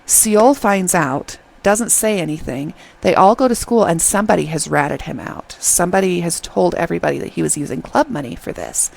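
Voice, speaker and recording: A woman casually recapping a drama, talking in an animated, exasperated way, often checking in with "okay?". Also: lowish voice, moderate pace, gravelly, hardly any pauses. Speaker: drama reviewer.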